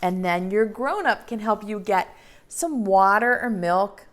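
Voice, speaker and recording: A young woman, a preschool teacher, reading a story and talking gently to young children in a sing-song way. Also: medium pitch, animated, a little slow.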